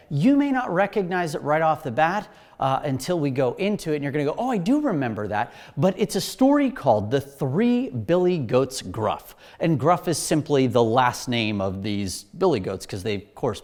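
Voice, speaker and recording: A man preaching a sermon as pastor, telling a story with enthusiasm. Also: fairly high pitch.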